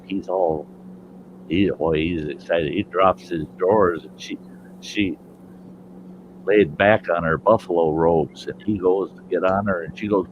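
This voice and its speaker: A man's voice: sits low, fairly even intonation, measured pace, slight background noise. A man hosting an online campfire chat, telling jokes and voicing the characters in his stories. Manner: storyteller who voices his characters. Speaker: host. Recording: slightly dull, muffled sound.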